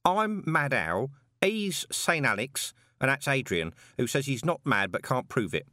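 A man's voice: mid-range voice, big pitch swings, unhurried, sharp tone, no echo, studio quality, pitched above the performer's own voice. A man voicing a cheerful, evasive male rooftop schemer who talks in a breezy, offhand way in an audiobook.

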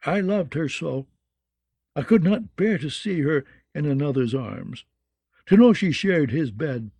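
A man's voice: on the high side, lively intonation, a little slow, mellow, husky, no room sound, full character voice. A man voicing a blind, disgraced male singer who pleads in a cracked, whispery voice. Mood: pleading. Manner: begging, lovesick confession.

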